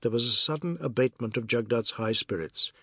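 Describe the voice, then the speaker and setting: A man reading a novel aloud as narrator in a measured, even storytelling manner. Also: medium pitch, slightly rough, no room sound, studio quality. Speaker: audiobook narrator. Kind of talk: scripted narration.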